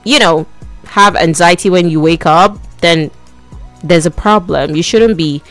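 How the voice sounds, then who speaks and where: A woman's voice: fairly low pitch, a little slow, a bit bright, faint music behind. A young woman hosting a midday radio show, chatting playfully and speaking straight to her listeners. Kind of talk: casual radio chat.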